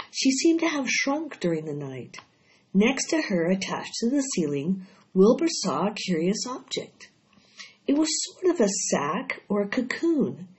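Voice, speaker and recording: A woman's voice: lowish voice, a little mellow. Woman reading a children's book aloud. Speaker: storyteller. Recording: dull lo-fi recording.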